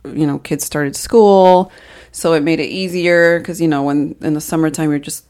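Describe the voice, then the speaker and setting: A woman's voice: low voice, steady tone, normal speed, darkish tone. A woman, co-hosting a podcast in a rambling, casual way with frequent laughs. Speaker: podcast co-host. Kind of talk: casual chat.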